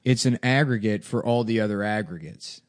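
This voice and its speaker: A man's voice: lowish voice, dry recording, studio quality. A man co-hosting a casual, crude comedy podcast, riffing and joking with friends. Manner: joking, riffing, does quick impressions. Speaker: podcast co-host.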